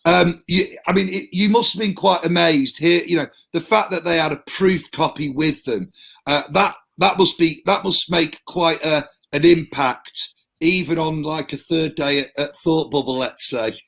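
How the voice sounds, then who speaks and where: Brief: male host, slightly higher voice, chatty and jokey. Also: measured pace, vocal fry, fairly bright tone. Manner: chatty, laughs often. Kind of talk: casual video-call chat.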